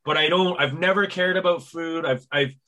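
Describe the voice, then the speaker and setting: Bright, animated male podcast host. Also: fairly high pitch, moderate pace. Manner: animated storyteller, stammers at starts. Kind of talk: casual conversation.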